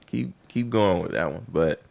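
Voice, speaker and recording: A man's voice: deep voice, lively intonation, moderate pace, gravelly, a little mellow. A man, a comedian, chatting casually and frankly critiquing a friend's joke ideas, laughing often. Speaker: comedian giving feedback. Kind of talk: casual chat.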